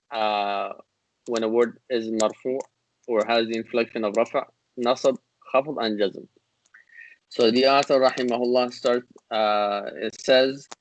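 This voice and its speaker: Over a video call, a man with a mid-range voice teaches grammar in an online class lecture, captured on a low-quality recording. He is hesitant, with many fillers and restarts, and explains patiently, reciting classical Arabic text in rapid bursts.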